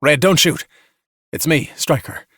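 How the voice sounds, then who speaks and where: A man's voice: medium pitch, fairly quick, no echo, clean studio sound, natural voice. A man playing a male soldier who speaks steadily and reassuringly. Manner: earnest, reassuring.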